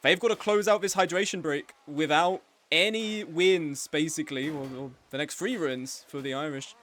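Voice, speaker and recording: Young guy commentating a live game match, kinda high voice, joking around. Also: moderate pace, a bit bright. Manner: chatty and joking, with frequent laughs. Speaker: game tournament commentator and streamer.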